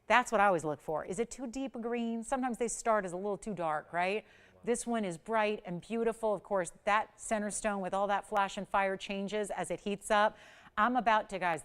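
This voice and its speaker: A woman's voice: mid-range voice, clean tone. A woman in her forties hosting a live jewelry auction on a shopping channel, talking in chatty, emphatic sales patter.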